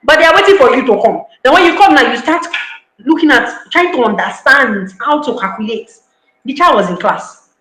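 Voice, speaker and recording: A woman's voice: sits high, expressive, a little fast, fairly bright tone, reverberant, low-quality recording. A woman giving an online parenting talk, emphatic, repeating key lines and acting out parents' voices. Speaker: parenting speaker.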